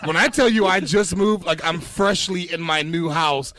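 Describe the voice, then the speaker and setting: A man in his forties, a stand-up comic guest on a podcast, talking in an animated, profane way with frequent laughs and repeated words. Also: fairly high pitch, moderate pace. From Pittsburgh area. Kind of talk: casual chat.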